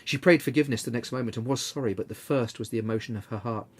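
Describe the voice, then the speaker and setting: A man narrating a classic story aloud in a measured, expressive way, with a husky voice. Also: medium pitch. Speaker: reader.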